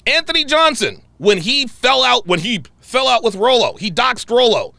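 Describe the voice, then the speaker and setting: Fiery, animated man ranting. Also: moderate pace, creaky, dry recording. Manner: angry, profane, repeats himself; animated pitch swings. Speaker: show host. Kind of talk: heated livestream rant.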